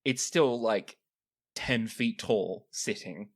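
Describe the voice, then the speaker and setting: A man narrating a tabletop game as game master, with lively storytelling and frequent restarts. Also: fairly low pitch, slow, husky.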